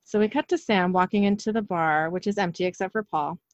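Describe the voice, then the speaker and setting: A woman's voice: mid-range voice, fairly quick, no echo. A woman casually reading out an episode recap in a plain, matter-of-fact way. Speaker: recap narrator. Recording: slightly dull lo-fi audio.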